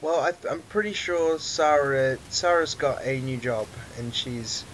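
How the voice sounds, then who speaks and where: A man co-hosting a casual gaming podcast, teasing the others and letting his sentences trail off quietly. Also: on the high side, a little slow, poor audio. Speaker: podcast co-host.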